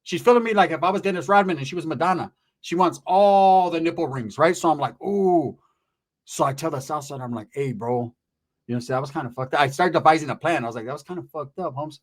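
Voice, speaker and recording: A man's voice: fairly high pitch, quick pace. A man telling a story in casual, profane street slang, constantly checking in with "right?".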